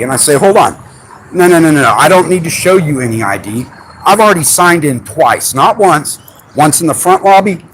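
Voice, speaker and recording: A man's voice: a little high, a little hiss or hum, rough recording. Frustrated man arguing his complaint. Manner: frustrated, insistent, argumentative. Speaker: citizen auditor filing a complaint. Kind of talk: heated live-streamed complaint to an officer. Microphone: phone live stream.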